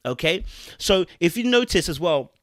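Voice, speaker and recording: A man's voice: high voice, animated, normal speed, fairly bright tone. A man hosting a podcast, giving his opinions in a preachy, emphatic way, mixing in slang and checking in with the listener often. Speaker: podcast host.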